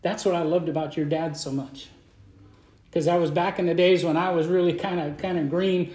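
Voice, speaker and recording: In an echoey sanctuary, a man delivers a sermon to his Baptist congregation as their pastor, his voice a little high and darkish, with fairly even intonation and normal speed. His style is folksy and fervent, marked by frequent word repetition.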